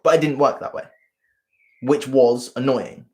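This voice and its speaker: A man's voice: medium pitch, steady tone, measured pace, a little mellow. A man coaching viewers on a live stream, earnest and rambling, often repeating himself. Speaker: self-help coach.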